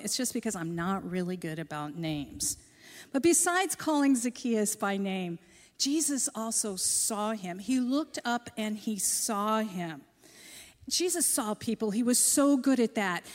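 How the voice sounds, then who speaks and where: A woman preaches to a church congregation, telling a personal story with gentle self-deprecating humor. Her voice sits fairly high. The sound carries the long reverb of a large church hall. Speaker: church speaker.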